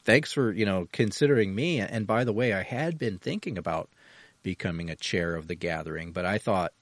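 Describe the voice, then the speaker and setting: Man, podcast host, easygoing, laughs readily, lowish voice, dry close sound. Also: fairly quick, dry recording. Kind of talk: casual conversation.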